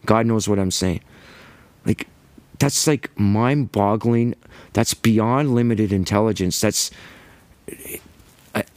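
A man giving an impassioned religious monologue, emphatic and ranting, with quick bursts and repeated words. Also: medium pitch, a little mellow, dry recording. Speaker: Christian commentator.

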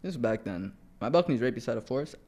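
A young man from the Toronto area, a podcast guest telling stories in an animated, slangy way with frequent laughs. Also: mid-range voice, very fast. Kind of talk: casual storytelling.

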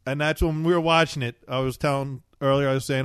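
A man's voice: medium pitch, fairly even intonation, fast, hardly any pauses, clean tone, dry recording, studio quality. A man co-hosting a sports talk show, laid-back and agreeable, calling his friend dude. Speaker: podcast co-host. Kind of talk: casual sports chat.

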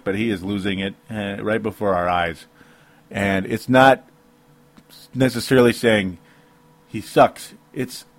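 With no room sound, a medium-pitched man runs his sports talk show on his own, ranting passionately. He meanders, breaks off mid-thought and chuckles between points.

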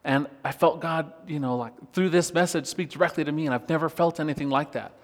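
A worship pastor telling a personal story in a relaxed, conversational sermon, laughing often as he talks. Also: a little high, quick pace. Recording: long reverb of a church hall.

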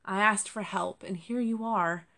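A woman's voice: medium pitch, a little slow, vocal fry, pushed and bright. A woman voicing a weary wounded fox. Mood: pleading, earnest. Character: weary, injured male fox mail carrier.

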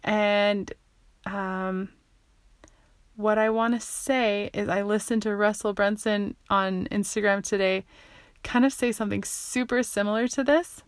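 Woman, casual vlog monologue, excitable and rambling, dry close sound. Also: medium pitch, a little slow, no room sound. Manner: rambling and excitable, many fillers, self-interrupting. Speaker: vlogger sharing what she learns. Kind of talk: casual self-recorded monologue.

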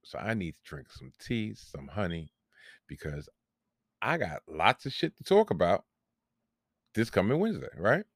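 A man's voice: fairly low pitch, sing-song, moderate pace, pauses often, breathy edge, no echo, clean studio sound. A man, hosting a solo podcast and telling a long, rambling, profane story about himself with self-mocking humor. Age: 40s. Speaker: podcast host.

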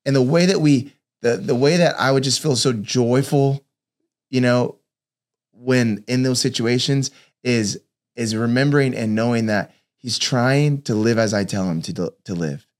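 A man's voice: mid-range voice, unhurried. A man and father giving a personal devotional talk, earnestly telling stories and acting out the voices of the people in them. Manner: earnest storytelling, acts out quoted voices.

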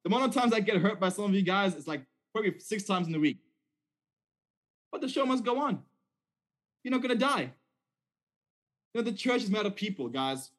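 Husky animated male preacher. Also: sits high, brisk, long pauses. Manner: conversational, repeats "okay?" often, animated storytelling. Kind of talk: sermon.

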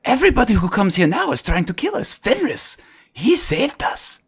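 A man's voice: high voice, huge pitch swings, moderate pace, slightly rough, pitched above the performer's own voice, full character voice. A man voicing a hostile, sarcastic boy who protects his little sister, speaking in a sneering, threatening way.

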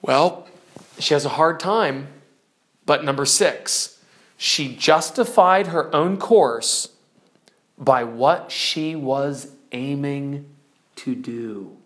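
A preacher teaching from notes, telling an allegory dramatically and slowing down to stress key words. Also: mid-range voice. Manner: animated, dramatic storytelling, drops to slow emphasis. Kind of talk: storytelling sermon lesson.

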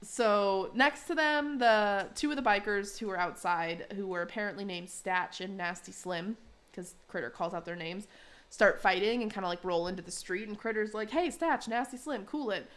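A woman's voice: mid-range voice, fairly even intonation, moderate pace, a bit bright. A young adult woman chatting on a podcast, recapping a story with frequent giggles. She slips into playful character voices as she retells scenes, easygoing and talkative. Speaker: podcast co-host recapping an episode. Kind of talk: casual chat.

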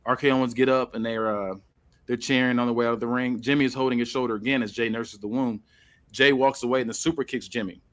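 A man hosting a casual podcast, loosely reading out a storyline with pauses and restarts. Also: mid-range voice, fairly even intonation, a bit bright. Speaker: podcast host.

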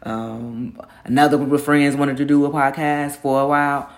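A middle-aged woman hosts a casual solo podcast, her voice rumbling low and flat at a normal speed. She talks candidly in slangy, self-encouraging language, openly nervous and groggy from the early morning.

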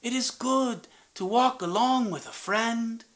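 A woman voicing a lonely, gentle female silver fox who speaks softly and hopefully. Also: a little high, measured pace, natural voice. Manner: soft, hopeful, wondering.

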